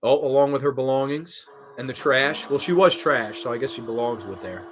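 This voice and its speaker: A man hosting a casual fan commentary on a movie, excitable and crude, laughing often. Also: mid-range voice, brisk. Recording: slightly dull lo-fi audio.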